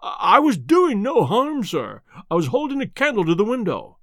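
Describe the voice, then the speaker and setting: A man's voice: high-pitched, very animated, normal speed, dry recording, clean studio sound. A man reading aloud, voicing a nervous, cornered middle-aged male butler who stammers and pleads. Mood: pleading.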